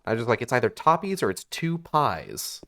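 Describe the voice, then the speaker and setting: A man's voice: mid-range voice, huge pitch swings, normal speed, fairly bright tone. A man streaming a video game live, chatting casually and swearing as he plays, thinking aloud with plenty of fillers. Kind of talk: live gameplay commentary.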